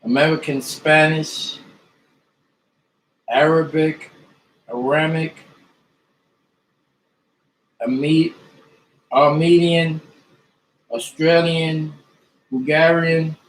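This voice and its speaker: A man slowly reading a list of dictionary abbreviations and language names aloud, one item at a time. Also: a little high, steady tone, a little hiss or hum. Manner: slow, deliberate list reading. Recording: echoey room.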